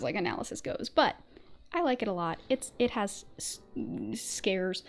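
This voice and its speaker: A woman's voice: mid-range voice, animated, moderate pace, soft background music. A woman streamer chatting casually and hesitantly, with fillers and restarts. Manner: hesitant, many fillers, laughs often. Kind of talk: casual chat.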